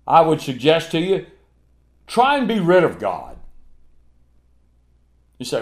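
Slow, emphatic male preacher. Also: fairly high pitch, wildly swooping pitch. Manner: slow, emphatic, with dramatic swings in loudness. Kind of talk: sermon.

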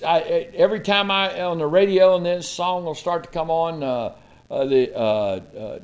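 A man preaching a sermon, reading King James scripture with dramatic swings from loud to hushed and breaking into folksy asides with chuckles. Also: on the high side, moderate pace.

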